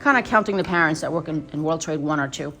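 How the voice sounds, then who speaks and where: A woman's voice: low voice, quick pace, sharp tone, soft background music. A New woman in her fifties tells a personal story on her doll vlog in a rambling, emotional way, full of restarts. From New York. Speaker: doll vlogger.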